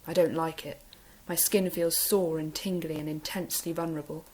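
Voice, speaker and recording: A woman teacher reading a novel aloud in a steady, expressive storybook manner. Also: sits low, normal speed, slightly rough, poor audio.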